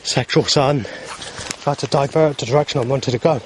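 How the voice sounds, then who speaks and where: A man's voice: mid-range voice, steady tone, fairly quick, noisy background. A man talking to camera outdoors in a rambling, agitated vlog monologue, full of fillers and restarts. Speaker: vlogger. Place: outdoors in the heat.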